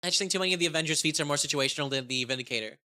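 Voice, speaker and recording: A woman chatting excitedly about a tabletop game, profane and rambling, often restarting her sentences. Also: low voice, rapid-fire. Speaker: game content creator. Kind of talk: casual tabletop game review.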